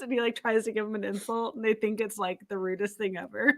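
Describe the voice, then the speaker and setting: A woman co-hosting a podcast in lively casual chat, acting out characters' lines as she retells scenes. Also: medium pitch, fast talker. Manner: animated, acts out quotes, laughs often. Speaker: podcast co-host.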